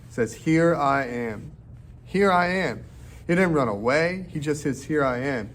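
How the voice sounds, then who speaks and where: A man teaching a children's Bible lesson in a lively way, acting out the voices in the story for young listeners. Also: a little high, husky. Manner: animated, acts out quoted voices for kids.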